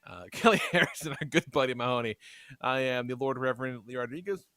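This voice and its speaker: A man hosting a podcast in casual chat, animated and swearing freely. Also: mid-range voice, fast talker, no room sound, studio quality. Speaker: podcast host.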